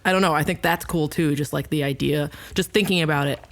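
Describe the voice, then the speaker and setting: A woman musician appears as a guest on a podcast over a video call, rambling through a casual interview with lots of fillers and frequent giggles. She talks fast, with a low voice and a steady tone.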